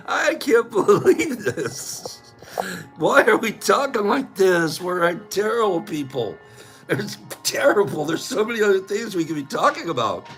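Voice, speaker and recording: A man's voice: high-pitched, big pitch swings, unhurried, fairly bright tone, faint music behind. A man hosting a casual livestream, talking loosely and breaking into giggles often. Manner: giggly, keeps breaking into laughter. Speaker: livestream host.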